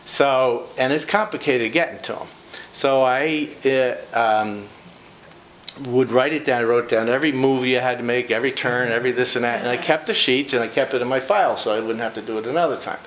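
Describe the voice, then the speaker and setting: A man's voice: mid-range voice, brisk, a bit bright. An older man giving an informal devotional talk, telling personal stories in a chatty way with laughs and fillers. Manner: folksy, chatty storytelling with frequent laughs and fillers. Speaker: preacher. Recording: echoey room with faint ambient noise.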